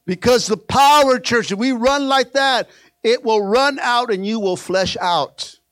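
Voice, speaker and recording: A man preaching a sermon, playful, calling on the congregation to answer, acting out quoted prayers and dialogue, and dropping to soft asides. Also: extremely high pitch, unhurried, no echo. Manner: playful, call-and-response preaching. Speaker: pastor.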